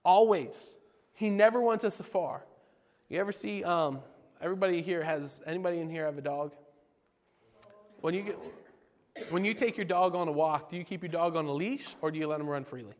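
Man, youth pastor, lively jokey sermon, fairly high voice, long hall echo. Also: brisk, pauses often. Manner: animated, jokey, asks the audience questions. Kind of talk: informal sermon.

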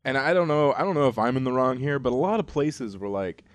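A man's voice: mid-range voice, expressive, fast talker, no echo. A young man co-hosting a casual podcast, rambling and laid-back with lots of fillers. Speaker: podcast co-host. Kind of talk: casual chat.

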